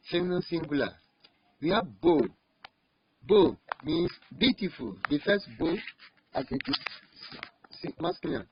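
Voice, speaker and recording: Husky man teaching slowly with repetition. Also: on the high side, big pitch swings. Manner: slow, repeats each word several times. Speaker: French teacher. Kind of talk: online language lesson. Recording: dull lo-fi recording.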